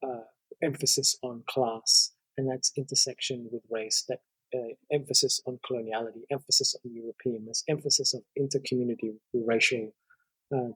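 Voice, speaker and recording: A man with a slightly husky, breathy voice walks through an argument in a long conversational explanation. He is measured and lists points one after another. The sound is dry and close. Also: mid-range voice, no room sound, poor audio. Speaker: guest lecturer.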